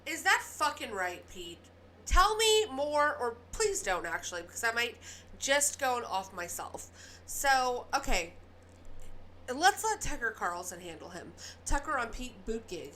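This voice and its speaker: A woman's voice: a little high, big pitch swings, measured pace, bright, forceful tone, slight background noise. A woman hosting casual political commentary, talking straight to her viewers in an emphatic, profane rant.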